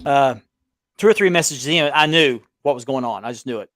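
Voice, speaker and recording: A man's voice: mid-range voice, fairly quick, a bit bright, no echo, studio quality. A man co-hosting a collectors' chat show, telling a rambling story over a remote call, with frequent restarts and chuckles. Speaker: belt collecting show co-host. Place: small town home. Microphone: remote call with audio delay.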